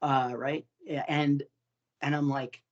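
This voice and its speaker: A man's voice: on the high side, flat delivery, slow pace, dull audio. A man hosting a podcast in casual chat, laughing often and swearing freely with many fillers. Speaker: podcast host.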